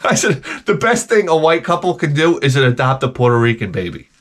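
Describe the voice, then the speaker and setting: A man's voice: a little high, sing-song, brisk, fairly bright tone. A man hosting a game channel, ranting comically in a profane, rambling way, full of stammered restarts. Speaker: video game channel host. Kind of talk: comedic rant.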